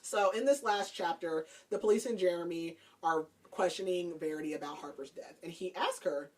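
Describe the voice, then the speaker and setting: A woman's voice: fairly low pitch, normal speed, darkish tone. A woman podcast host casually recapping a book's plot, chatty and laughing, with lots of "like". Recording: voice a bit far from the mic.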